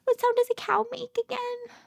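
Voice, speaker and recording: A woman speech therapist reading a picture book aloud to toddlers, animated and sing-song, with frequent gasps and hushed whispered asides. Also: extremely high pitch, moderate pace, gravelly.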